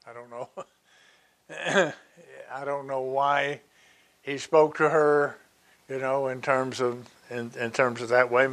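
Slow, bright-voiced man preaching. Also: mid-range voice, little pitch movement. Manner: slow, deliberate Bible exposition with asides. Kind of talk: sermon.

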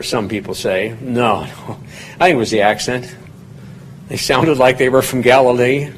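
A man's voice: mid-range voice, very animated, moderate pace, long pauses, slight background noise. A man preaching a conversational Bible study sermon in a folksy, digressive way, lifting his voice when he reads scripture aloud. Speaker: pastor teaching a Bible study.

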